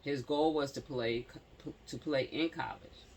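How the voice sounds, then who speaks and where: A man's voice: medium pitch, unhurried, creaky, a little hiss or hum. A man reading a news story aloud, stumbling over words and breaking off for slangy asides to his viewers. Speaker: commentary channel host.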